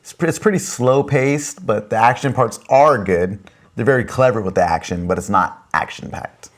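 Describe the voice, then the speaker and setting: A man's voice: medium pitch, moderate pace. A man co-hosting a casual podcast, giving offhand, hesitant answers about a movie. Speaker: podcast co-host. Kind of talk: casual movie review chat.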